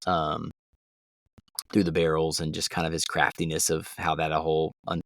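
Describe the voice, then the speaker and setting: Brief: very low male voice, rambling podcast co-host, dry close sound. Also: completely flat delivery, moderate pace, dry recording. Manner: rambling, trailing off. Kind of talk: casual book discussion.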